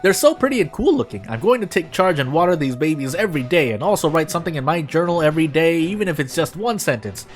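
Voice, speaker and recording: A lonely, anxious young office woman pours her days into a diary, as a man reads her lines aloud. Her voice sits high and leaps around with emphasis, cheerful one moment and fretful the next. Faint game music plays underneath. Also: animated, fast, hardly any pauses, natural voice. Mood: upbeat.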